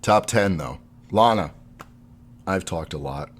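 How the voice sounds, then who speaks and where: A man's voice: low voice, expressive, slow pace. A man co-hosting a podcast in casual chat, rambling and laughing often. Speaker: podcast co-host.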